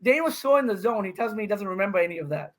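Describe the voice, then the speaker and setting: A man in his fifties, a podcast guest, telling an animated story and acting out what he said in a raised voice. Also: sits high, racing. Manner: excited, acts out his own quotes with raised voice. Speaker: guest, professional pickleball player.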